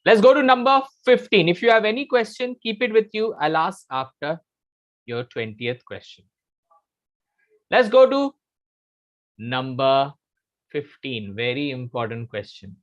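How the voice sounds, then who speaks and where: Indian english guy coaching a live class, slow and deliberate, voice jumps up and down a lot, repeats stuff for emphasis. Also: on the high side, animated, dull audio. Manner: emphatic, repeats key phrases, quizzes students. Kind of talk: live online English lesson.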